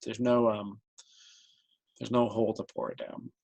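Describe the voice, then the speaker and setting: A man narrating as game master for a tabletop game, explaining rules in a relaxed way and laughing often. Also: on the low side, normal speed, gravelly, muffled recording.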